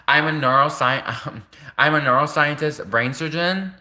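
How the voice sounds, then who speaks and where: A man's voice: medium pitch, lively intonation, moderate pace, pushed and bright. A man voicing a ditzy party-girl female brain surgeon, giggling and drawling like a valley girl. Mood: giggly.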